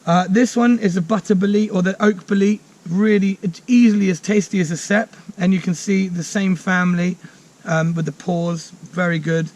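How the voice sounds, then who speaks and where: Brief: forager, man, higher-pitched, upbeat and chatty, recorded outdoors. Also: steady tone, moderate pace, a little mellow. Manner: enthusiastic, chatty, many fillers. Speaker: mushroom forager and course teacher. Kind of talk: casual outdoor explanation. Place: outdoors in woodland.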